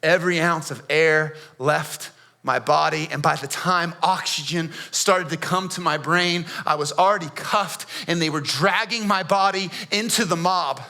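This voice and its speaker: A man's voice: fairly high pitch, a little slow, creaky, sharp tone, heavily acted. A pastor, a man, performing as a defiant, streetwise male prisoner, telling his story in the first person with casual, slangy asides. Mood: confiding. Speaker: pastor performing a dramatic monologue. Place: church.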